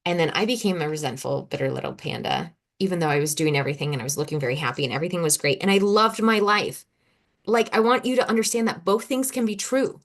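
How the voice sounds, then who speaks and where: A woman hosting her own podcast as a coach, talking casually and candidly, encouraging listeners with some swearing and lively shifts in tone. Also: fairly low pitch, fast. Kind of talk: casual solo podcast talk.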